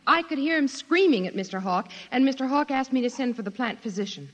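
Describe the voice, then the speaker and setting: An eager young secretary witness. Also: female voice, sits high, lively intonation, fast talker, muffled recording. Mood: earnest. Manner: eager, earnest testimony. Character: earnest female secretary witness. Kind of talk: 1950s radio drama acting. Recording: reverberant old radio recording.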